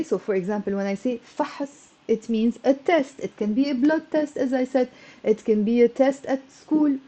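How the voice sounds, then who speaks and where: A woman's voice: high-pitched, dark tone, dull audio. A woman whose first language is Lebanese Arabic, teaching a live-streamed lesson in a chatty, encouraging way and greeting viewers by name, a little stressed and flustered.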